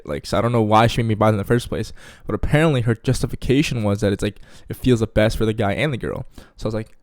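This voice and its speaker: A man's voice: lowish voice, fast talker, darkish tone, no echo. Young man, casual storytime, slangy, "you feel me?", dry close sound.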